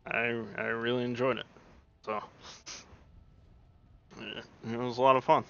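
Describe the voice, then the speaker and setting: A man streaming, chatting casually and rambling with many pauses and fillers. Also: medium pitch, flat delivery, creaky, fairly bright tone, clear, resonant tone. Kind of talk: casual chat. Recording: dull lo-fi mic.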